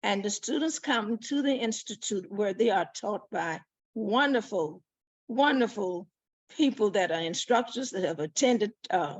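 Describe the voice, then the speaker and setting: A woman who leads an organization, speaking as a panel guest over a video call in a gracious, measured, formal way. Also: medium pitch, slightly rough, no echo. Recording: dull, dry, lo-fi call audio.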